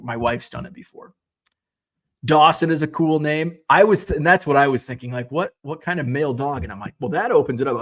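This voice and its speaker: A man in his thirties with an everyday mid-pitched voice talks loosely to his livestream audience, full of ums and restarts. He sounds a little tired and drifts from thought to thought. His delivery is casual and unscripted. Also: slightly rough. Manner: relaxed, rambling, many fillers and restarts. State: yawning, tired. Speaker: card-collecting livestream host. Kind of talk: casual chat reading viewer comments.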